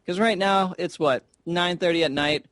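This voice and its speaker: A man's voice: high-pitched, normal speed, a bit bright, dry recording. A man casting an online game tournament in a chatty, rambling, joking way, talking into a headset. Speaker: esports caster. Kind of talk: casual game commentary.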